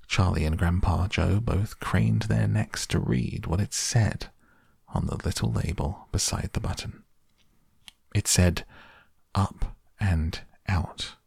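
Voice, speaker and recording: A man reading a children's story aloud in a measured, expressive narration. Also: sits low, creaky, breathy edge, dry recording, clean studio sound. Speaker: audiobook narrator.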